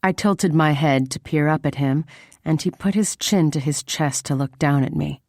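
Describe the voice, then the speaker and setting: A woman giving intimate, measured first-person audiobook narration. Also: deep voice, darkish tone, dry recording, clean studio sound.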